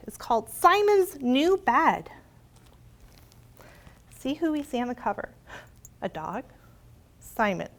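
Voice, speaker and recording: A woman with a fairly high voice reads a picture book to small children, taking her time over every line. She keeps it expressive and sing-song, turning often to her young listeners. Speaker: children's librarian.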